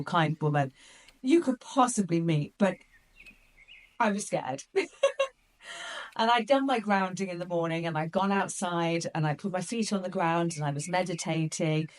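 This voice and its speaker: A woman hosting a podcast, telling a story to her listeners in an excitable, chatty way with plenty of fillers. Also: lowish voice. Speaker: podcast host.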